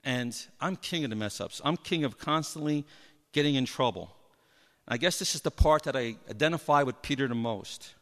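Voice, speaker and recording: A man preaching a sermon, telling Bible stories with lively energy and acting out the people in them. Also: a little high. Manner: animated storytelling, acts out Bible figures. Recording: long hall reverb.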